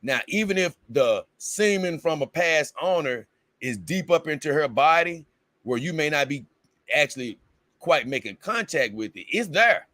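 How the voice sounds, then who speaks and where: A man's voice: a little high, animated, moderate pace, pushed and bright, dry recording. A man hosting a livestream in casual chat, reading viewer comments aloud and rambling, with bursts of exasperated confusion. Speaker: livestream host.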